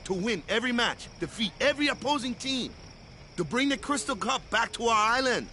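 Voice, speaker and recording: An actor playing an upbeat male team captain in a video game, rallying his team with shouts. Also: extremely high pitch, expressive, fairly quick, a little hiss or hum, heavily acted.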